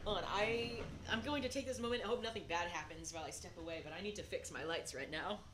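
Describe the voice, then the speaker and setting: A woman streaming a game, rambling and giggling, swinging between hushed mutters and excited outbursts. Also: lowish voice, fast. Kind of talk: casual gaming commentary. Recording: steady background noise.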